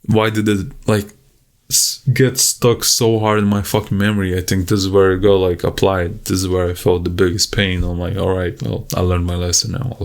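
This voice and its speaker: A man's voice: low-pitched, little pitch movement, moderate pace, creaky. A man recording a raw video journal, talking candidly and rambling with profanity and self-corrections, close to tears at times. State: tearing up.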